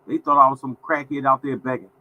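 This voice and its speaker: Through narrow, tinny audio, a man in his fifties hosts a casual livestream with a mid-range voice, little pitch movement, and a quick pace. He's folksy and repetitive, repeating phrases and often calling out to viewers as "y'all."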